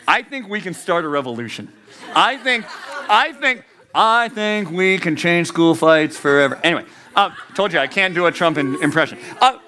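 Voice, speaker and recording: A man in his thirties preaching a youth sermon, animated and joking, who jumps into high comic voices. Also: normal speed, some chatter behind. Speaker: youth pastor.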